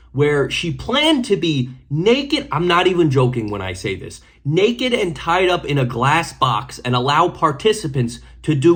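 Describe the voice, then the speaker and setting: A man's voice: on the high side, fairly bright tone, breathy edge. A man hosting a commentary video, speaking in a blunt, indignant and sarcastic way. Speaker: host.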